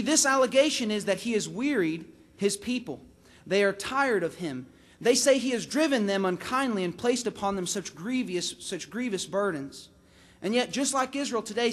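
Very high-voiced impassioned male preacher. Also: lively intonation, normal speed, a bit bright. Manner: impassioned, rises to emphatic peaks then drops low on key words; repeats and restarts phrases for emphasis. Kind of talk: sermon.

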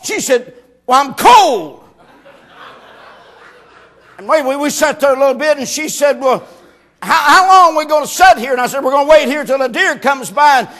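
A man preaching a sermon, telling a folksy story and rising into shouted preaching. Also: extremely high pitch.

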